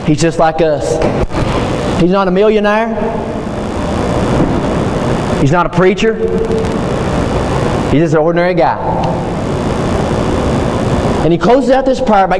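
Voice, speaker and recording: High-voiced pastor in a reverberant church. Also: male voice, measured pace, pauses often. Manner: passionate storytelling, repeats key phrases. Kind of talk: sermon. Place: church sanctuary. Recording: long reverb in a church hall, faint noise.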